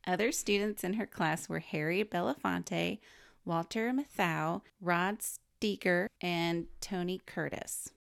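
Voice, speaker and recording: A woman's voice: fairly low pitch, slow pace, creaky. A woman co-hosting a casual podcast, reading from her research notes in a chatty way, explaining as she goes and laughing often. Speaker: podcast co-host.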